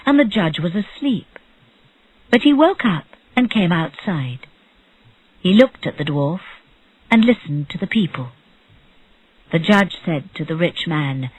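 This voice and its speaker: Slow, breathy storybook narrator. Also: medium pitch, rough recording. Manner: clear, measured storytelling. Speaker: audiobook narrator. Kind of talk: slow graded-reader narration.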